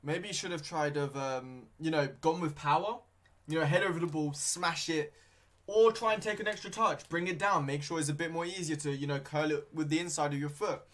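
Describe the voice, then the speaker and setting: A man's voice: a little high, fairly quick, fairly bright tone. A young man chatting casually about a football match during a live watchalong stream, rambling with lots of fillers and restarts. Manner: rambling, hesitant, many fillers; talking with his mouth full at times.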